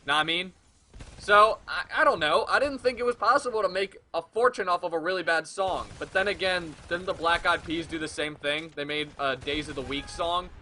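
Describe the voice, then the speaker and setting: Teen dude rambling and cussing through a game commentary, kinda high voice, faint hiss behind. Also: male voice, a little fast, hardly any pauses, sharp tone. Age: late teens. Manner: rambling, profane, jokey. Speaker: gaming video commentator.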